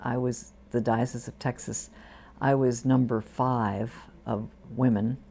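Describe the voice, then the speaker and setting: Speaking unhurriedly in a deep, bass, gravelly voice, an older woman priest shares warm anecdotes from her life in a community TV studio interview. She brings quoted people alive with spirited voices, and a slight hiss or hum can be heard.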